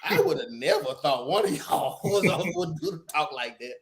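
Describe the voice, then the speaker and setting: A man's voice: moderate pace, very noisy. A man co-hosting a podcast in casual banter, laughing as he talks. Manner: lively, laughing pitch swings. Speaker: podcast co-host.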